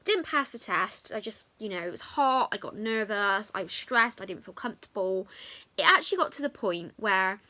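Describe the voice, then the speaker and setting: A woman's voice: mid-range voice, moderate pace. A young woman, telling a chatty storytime to camera with lots of fillers. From England. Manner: chatty, animated retelling with many fillers. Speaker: vlogger. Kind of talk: storytime vlog.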